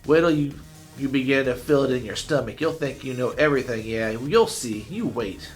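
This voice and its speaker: A man's voice: medium pitch, normal speed, faint music behind, close to an everyday voice. A man reading a storybook aloud and voicing a sullen, stubborn boy who mocks and pushes his friend. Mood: mocking. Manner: sullen, pushy, mocking. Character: sullen, stubborn boy trying to win a bet.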